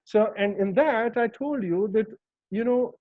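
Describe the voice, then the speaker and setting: A man's voice: high voice, a little slow, no room sound. A man teaching English pronunciation in an online lesson, patiently repeating words and checking that his students follow. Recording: dull lo-fi dry sound.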